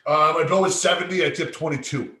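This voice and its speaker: A man's voice: a little high, fairly even intonation, a little fast, pushed and bright. A man co-hosting a casual podcast chat, telling stories with a lot of swearing and acting out what people said. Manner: swearing storyteller acting out quotes. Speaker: podcast co-host. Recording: echoey room.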